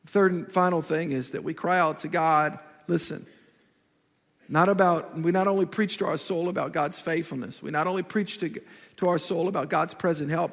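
A man preaching a lively sermon in a large church auditorium, his high voice carrying a gravelly edge. He repeats phrases for emphasis and slips into quick acted-out quotes. The sound rings with the long reverb of a big hall. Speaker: pastor.

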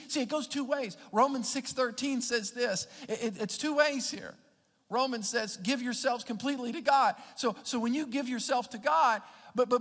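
Man, pastor, sermon, high voice, halting, repeats words, long church reverb. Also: fairly bright tone. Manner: halting, repeats words, speaks to the congregation directly.

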